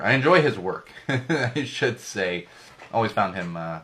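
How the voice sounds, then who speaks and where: A man's voice: on the low side, lively intonation, normal speed, a bit bright, a little hiss or hum. A man hosting a casual solo podcast, rambling and joking with frequent restarts and self-corrections, his voice a little worn. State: slightly losing his voice. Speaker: podcast host.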